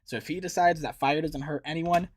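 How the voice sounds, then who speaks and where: A man hosting a casual reaction video, chatty and excitable, laughing easily as he comments. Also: a little high, brisk, background noise.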